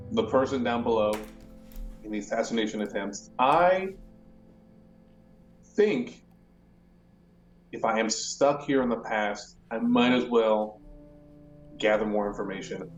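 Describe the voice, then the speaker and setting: A man's voice: mid-range voice, big pitch swings, takes it slowly, pauses often, faint music behind. A man playing a tabletop game, talking casually and hesitantly. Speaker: player. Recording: roomy, distant, dull mic.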